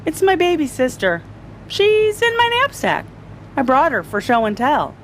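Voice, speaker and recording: A woman's voice: high voice, huge pitch swings, measured pace, fairly bright tone, a little hiss or hum, voice pushed up, heavily acted, low-quality recording. A woman voicing an earnest young boy who insistently explains himself in a storybook reading. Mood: pleading.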